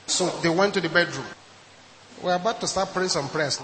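A man's voice: high-pitched, normal speed, sharp tone, slight background noise. A Nigerian man preaching a sermon as pastor, emphatic and repeating his key points. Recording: echoey hall with long reverb.

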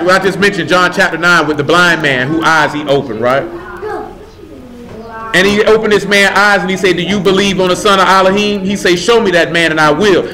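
A man's voice: sits high, pushed and bright. A man preaching a live sermon, emphatic and casual, asking the room rhetorical questions. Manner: casual street slang.

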